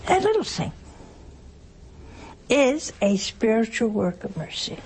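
A woman's voice: on the high side, big pitch swings, takes it slowly, a little mellow, husky. An older woman preaching a sermon in a homespun, teasing way, asking rhetorical questions and acting out little everyday scenes. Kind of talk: sermon on works of mercy.

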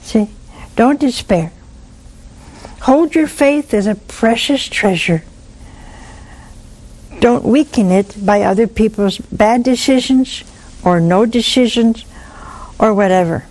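A woman giving gentle, folksy spiritual counsel to a caller, often checking in with "see?". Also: a little high, animated, slow pace, long pauses, low-quality recording. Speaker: religious advice host.

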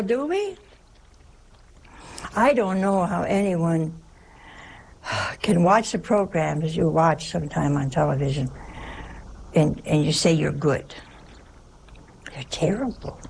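Gravelly-voiced woman giving a folksy sermon. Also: fairly low pitch, poor audio. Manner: chatty, humorous, asks rhetorical questions.

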